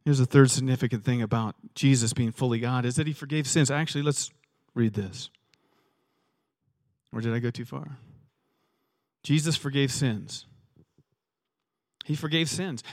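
A man's voice: mid-range voice, fairly quick, dry recording. A man preaching a sermon in a conversational way, asking rhetorical questions and often repeating words. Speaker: pastor.

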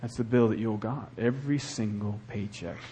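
A man preaching a sermon as the church's pastor, swinging between hushed, earnest talk and loud, fervent exhortation. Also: on the low side, steady tone, a little fast, husky.

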